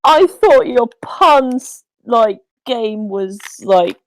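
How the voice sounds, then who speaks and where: Unhurried female co-host, slightly high, rambling and teasing, dry close sound. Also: animated, no echo, poor audio. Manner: rambling, full of "like" and restarts, teasing. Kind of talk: casual chat on a livestream.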